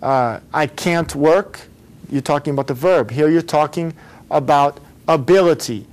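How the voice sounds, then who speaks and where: A man's voice: on the high side, a little slow, a little mellow. A man teaching an English grammar lesson, patiently explaining and repeating model phrases for learners to say back.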